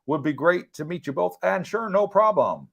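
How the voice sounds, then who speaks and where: A middle-aged Englishman hosts a relaxed livestream, working through viewer comments one by one. His manner is chatty and teasing, and he breaks into easy laughter between remarks. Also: high voice, normal speed, creaky, lo-fi sound. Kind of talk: casual livestream chat.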